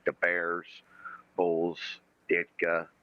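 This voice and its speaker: A man's voice: deep voice, monotone, extremely slow, no room sound, highs cut off. A man from Kentucky hosting a casual livestream chat, profane and jokey, often mimicking other people. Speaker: podcast host.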